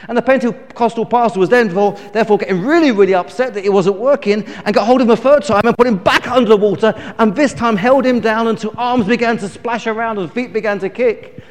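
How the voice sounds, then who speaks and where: Male preacher, middle-aged, high-pitched, emphatic storyteller, big church reverb. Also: fast talker. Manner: storytelling, emphatic, self-correcting. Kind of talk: sermon.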